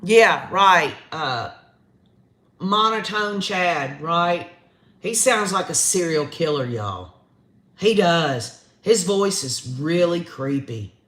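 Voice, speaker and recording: A man's voice: fairly high pitch, expressive, slow, fairly bright tone. A man hosting a true crime live stream, reading viewer comments aloud in a folksy, chatty way. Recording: roomy echo.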